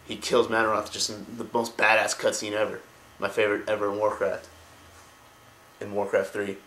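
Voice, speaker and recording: A man casually retelling game lore in an excitable, slangy, profane way. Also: fairly low pitch, moderate pace, slight background noise. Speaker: lore video host. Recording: echoey room.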